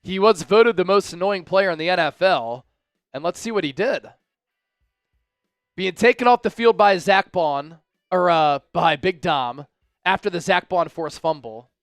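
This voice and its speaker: A man hosting a fan livestream, giving excitable live commentary on the game, shouting at big plays and talking directly to his viewers. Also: sits high, a little slow, smooth, no room sound, faint music behind. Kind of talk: live watch-along commentary.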